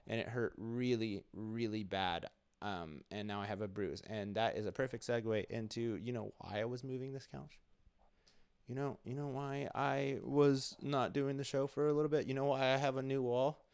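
A man's voice: fairly low pitch, no echo. A man in his late twenties hosting a solo podcast from a bedroom home studio, rambling in a sarcastic, self-mocking way. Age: late 20s. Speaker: podcast host.

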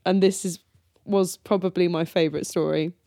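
A woman's voice: on the low side, normal speed, creaky, dry recording, studio quality. A woman in her thirties co-hosting a podcast, laughing often as she tells stories in casual chat. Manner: laughs often, lively storytelling. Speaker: podcast co-host.

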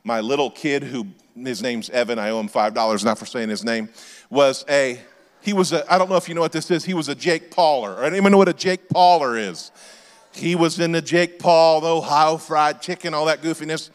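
A man in his forties, a pastor telling comic stories in a sermon and shouting his punchlines. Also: on the high side, normal speed. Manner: animated storyteller, shouting punchlines. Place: church auditorium. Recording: long hall reverb.

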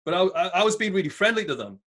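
A man with a softened Northern English accent talks in a loose, boisterous way, swearing as he goes. His voice sits a little high for a man. It is a relaxed podcast chat. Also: racing. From England, near Newcastle. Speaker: podcast guest. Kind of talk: casual chat.

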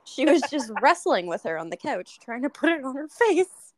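A woman's voice: high-pitched, big pitch swings, moderate pace, dry recording, rough recording. A young woman co-hosting a podcast, gossiping in casual chat and swearing freely. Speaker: podcast co-host.

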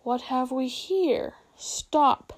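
A woman's voice: high-pitched, full character voice. A woman doing a cruel haughty witch queen. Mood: cold, commanding. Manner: imperious, slow and menacing commands. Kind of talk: storybook read-aloud.

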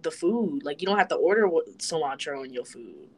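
A woman's voice: low voice, expressive, brisk. Blunt, profane young woman co-host. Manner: acts out friends' lines in quotes. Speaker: podcast co-host. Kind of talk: casual podcast chat.

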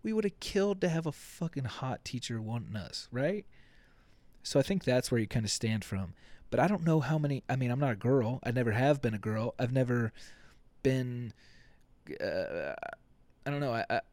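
A young man hosting a casual solo podcast, rambling and swearing, acting out quick quotes with jokey asides. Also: mid-range voice, animated, a little mellow, dry recording. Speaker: podcast host.

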